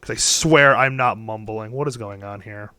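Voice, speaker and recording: Bright, crisp young man running a game. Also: fairly low pitch, normal speed, no echo. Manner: rambling, many fillers and restarts. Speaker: game master. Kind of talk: narrating a tabletop game over voice chat. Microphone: headset or desk mic on a voice call.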